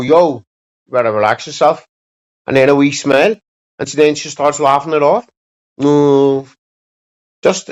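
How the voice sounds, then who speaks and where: A man hosting a livestream, chatting casually and bluntly to his viewers with plenty of swearing. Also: a little high. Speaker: livestream host. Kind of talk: casual rambling chat to viewers. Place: home streaming setup. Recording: dull lo-fi sound.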